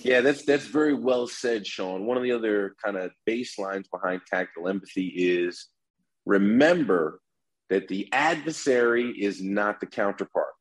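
A man's voice: fairly low pitch, normal speed, rough recording. A man who teaches negotiation, explaining his methods as an interview guest and often restarting with repeated words. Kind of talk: instructive interview talk.

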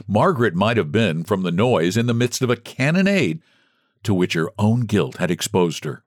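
A man's voice: fairly low pitch, normal speed, dry recording, clean studio sound. A man reading a story aloud as an audiobook narrator. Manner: expressive storytelling. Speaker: audiobook reader. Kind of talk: scripted narration.

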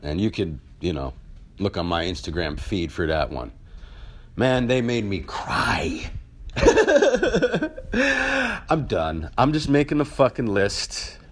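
A man's voice: on the low side, wildly swooping pitch, takes it slowly, husky. Swearing, heated man ranting. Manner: heated, swearing, with rising rhetorical questions. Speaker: vlogger. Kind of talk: profane ranting monologue.

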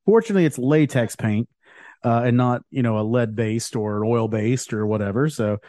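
A man's voice: mid-range voice, moderate pace, mellow, dry recording, studio quality. A man hosting a casual comedy podcast, joking around with fillers and frequent laughs. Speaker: podcast host.

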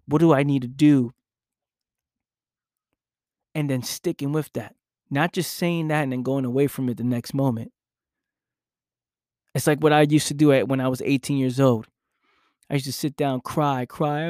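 A man's voice: fairly high pitch, moderate pace, pauses often, no room sound, clean studio sound. A young man speaking in an intense motivational monologue, acting out his own past inner voice.

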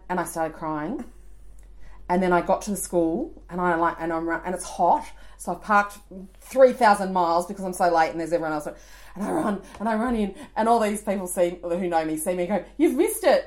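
A woman in her forties with an Australian accent, co-hosting a podcast and telling a story in casual chat. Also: on the low side. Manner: animated storytelling, laughing, acting out voices. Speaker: podcast co-host.

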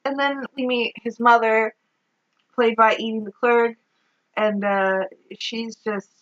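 A woman's voice: on the high side, level tone, slow, lo-fi sound. A woman co-hosting a podcast, recapping a movie in casual chat, exasperated, swearing and laughing as she goes. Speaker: podcast co-host.

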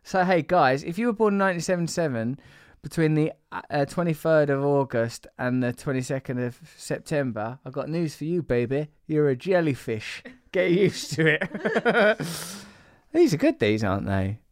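A man's voice: on the high side, expressive, moderate pace, a little mellow, clear, resonant tone, no room sound, clean studio sound. A man hosting a podcast in loose, rambling chat, teasing his co-host and laughing often. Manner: playful, teasing, breaks into laughter.

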